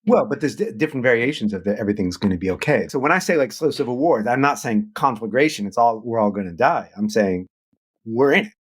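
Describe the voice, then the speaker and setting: A man, an author and guest, telling stories in an animated interview conversation, jumping up in pitch for emphasis. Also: brisk, slightly rough. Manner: animated storytelling, swings up in pitch for emphasis and quoted voices.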